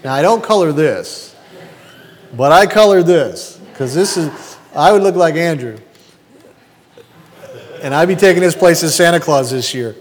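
A man's voice: on the high side, expressive, measured pace, pauses often. A man in his fifties preaching a sermon as pastor, throwing rhetorical questions at the congregation. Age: 50s. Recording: long hall reverb.

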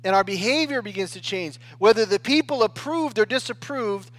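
An animated American pastor delivers his sermon casually, speaking like people do day to day, with frequent restarts, pauses to check on listeners, and lots of "right?" His voice is high and somewhat bright.

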